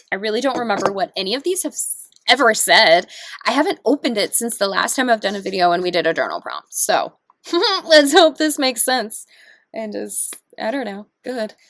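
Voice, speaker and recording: A woman vlogging casually, bubbly and giggly, who turns slow and hushed to guide a meditation. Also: on the high side, very animated, dry recording.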